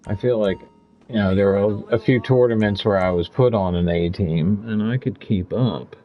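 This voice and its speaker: A chatty gaming streamer in his fifties talks casually over gameplay, drifting from one story to the next and laughing often. His voice is fairly low and his speed normal, with the high frequencies cut off.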